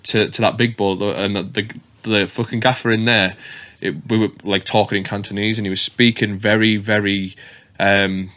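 A man's voice: on the low side, little pitch movement, moderate pace, a bit bright. A young man hosting a podcast, chatting casually and rambling with lots of swearing and restarts. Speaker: podcast host. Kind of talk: casual chat.

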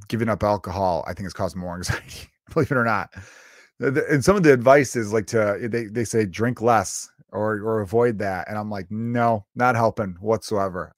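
A young man from Chicago rambles through a casual solo monologue, swearing freely and swinging between loud bursts and mutters. His voice sits at an ordinary middle pitch. The recording is close and completely dry, with no room sound. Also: no room sound. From Chicago area. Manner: profane, rambling, animated swings in loudness. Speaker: comedian and podcast host.

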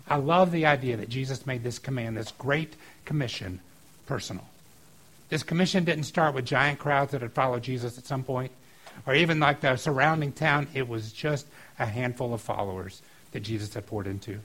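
A middle-aged man preaching a sermon as a pastor, talking in an earnest, conversational way that gets lively and loud at times. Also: mid-range voice, fairly quick, low-quality recording.

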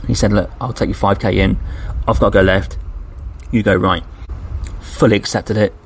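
A man's voice: on the low side, moderate pace, a little hiss or hum. An English man, a podcast host, casually recounting a day of walking on a trail and quoting the people he met. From England. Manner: chatty, animated when quoting people. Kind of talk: casual travel storytelling.

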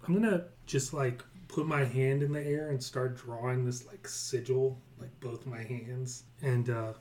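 Relaxed man playing a tabletop game. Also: medium pitch, measured pace. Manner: relaxed, hesitant with many "like"s and "uh"s. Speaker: player. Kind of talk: casual tabletop play.

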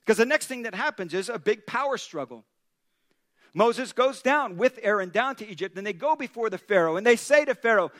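High-voiced male pastor telling a story. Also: a little fast. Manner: animated storytelling with chuckles. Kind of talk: sermon.

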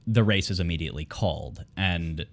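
A man's voice: deep voice, fairly quick, creaky, a bit bright. A man appearing as a guest on a political talk show, sardonic and exasperated in his commentary. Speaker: video editor guest. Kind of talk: casual political chat.

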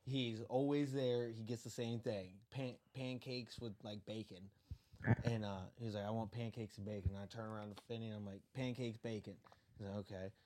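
A young man telling animated work stories among friends, often laughing as he goes. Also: fairly low pitch, normal speed, a little hiss or hum. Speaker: former restaurant worker. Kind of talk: casual storytelling among friends.

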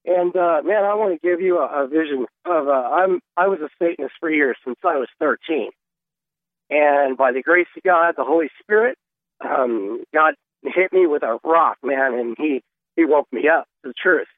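A man's voice: fairly high pitch, normal speed, dry recording. A man in his fifties, a truck driver calling in to a radio show, speaking in an earnest, fervent and preachy way. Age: 50s. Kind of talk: call-in radio talk. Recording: tinny phone line.

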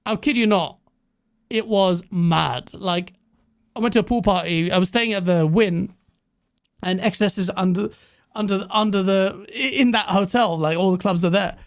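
A British man, a guest on a gaming podcast, telling animated stories in casual chat and swearing freely. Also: high-pitched, moderate pace, dry recording, studio quality.

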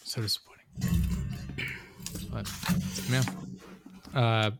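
A man's voice: fairly low pitch, steady tone, gravelly, loud music behind the voice. A young man hosting a podcast in casual chat, loose and profane, wrapping up the episode. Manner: loose and profane, retelling scenes with quick impressions. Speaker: podcast host.

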